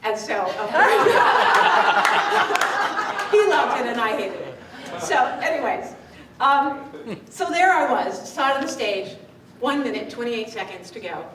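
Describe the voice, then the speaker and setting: A woman speaking coach telling a lively story to a live audience, laughing often as she talks. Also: on the high side, normal speed. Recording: distant mic in an echoey room with background noise.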